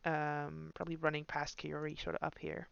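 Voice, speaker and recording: Bright, crisp-voiced game master. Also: male voice, fairly high pitch, no room sound, muffled recording. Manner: relaxed, chatty, puts on quick voices for figures. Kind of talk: narrating a tabletop game.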